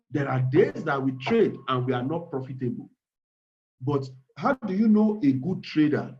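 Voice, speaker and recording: A man's voice: a little high, darkish tone, highs cut off. A man with a Nigerian accent giving an emphatic online trading webinar, repeating key words and calling out to the audience. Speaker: trading instructor. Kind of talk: webinar sales pitch.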